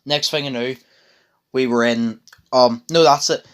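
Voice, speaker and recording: A young man tells a long story in a casual chat with a voice of ordinary pitch. He rambles, restarts his sentences often and swears freely. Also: steady tone, a little slow, fairly bright tone, clean tone.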